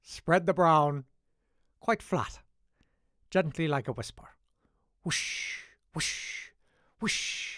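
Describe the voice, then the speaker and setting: A man doing an impression of an Irish male TV painter, with an Irish accent, giving slow step-by-step brush instructions. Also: fairly high pitch, a bit bright, no room sound, clean studio sound. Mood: instructive.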